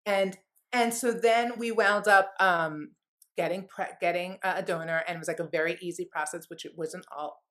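An interview guest, a woman, shares a candid personal story in an earnest, heartfelt, rambling way, filling it with "like." Her voice is fairly low and slightly bright, steady in tone at normal speed.

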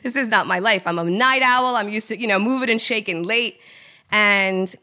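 A woman from Trinidad, a guest in a casual interview, telling her story in an animated way and acting out the voices of people she quotes. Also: medium pitch, normal speed.

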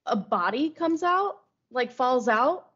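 A young woman co-hosting a podcast, retelling stories lively in casual chat, sometimes rushing ahead. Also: high voice, husky. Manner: lively retelling, bursts of speed. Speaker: podcast co-host. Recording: slightly dull lo-fi podcast audio.

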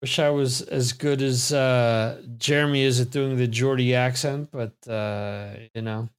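Slow-talking man hosting a trivia stream. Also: mid-range voice, steady tone, clean tone. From United States. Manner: rambling, chatty, reads viewer comments aloud. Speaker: trivia show host. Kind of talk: casual live-stream chat. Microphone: computer microphone.

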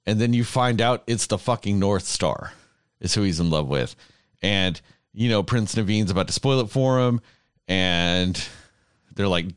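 A man's voice: lowish voice, normal speed, clean tone, dry recording, studio quality. A man in a casual chat, ranting emotionally with heavy swearing and laughing between his words.

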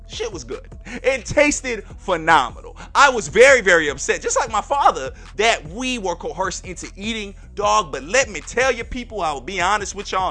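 A man hosting a podcast and telling a personal story in a lively, slangy way, talking straight to his listeners. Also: sits high. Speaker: podcast host.

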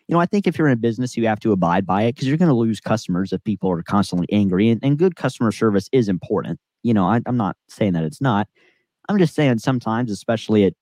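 A man's voice: lowish voice, darkish tone, no echo, clean studio sound. A young man on a podcast telling a long casual story, rambling with lots of fillers and acting out the people in it. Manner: rambling, filler-heavy, acts out quoted voices. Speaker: podcast co-host. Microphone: on-camera podcast mic.

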